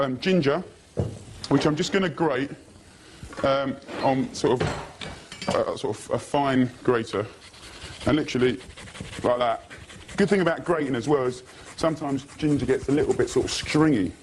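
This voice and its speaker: A man's voice: mid-range voice, background noise. A man talking through a cooking demonstration in a kitchen, chatty and loose, full of "sort of" and "kind of". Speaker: TV cook. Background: frying and sizzling.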